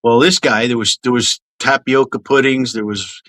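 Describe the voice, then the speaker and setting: A man from Canada telling lively, swear-laced stories from his cadet days in a casual chat. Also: mid-range voice, normal speed. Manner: animated storyteller, swears casually.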